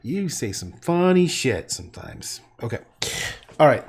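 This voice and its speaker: A man's voice: mid-range voice, very animated, measured pace, darkish tone, breathy edge. Rambling, joking man. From Canada. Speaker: livestreaming painter. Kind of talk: casual livestream chat.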